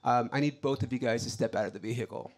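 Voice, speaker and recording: A man acting out a polite male border patrol officer who speaks in a formal, measured way. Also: mid-range voice, pitched below the performer's own voice, natural voice. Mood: calm formal.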